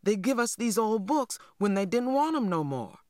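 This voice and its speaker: A woman's voice: a little high, very animated, moderate pace, a little mellow, no echo, clean studio sound, voice pushed up. A woman voicing an upset young schoolgirl who pleads urgently with her teacher, as in an audiobook. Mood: urgent pleading. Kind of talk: audiobook character voice.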